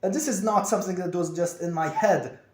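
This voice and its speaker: A young man talking in a confessional vlog, with a monotone, over-enunciated delivery. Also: sits high, a little fast. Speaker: vlogger. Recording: echoey room.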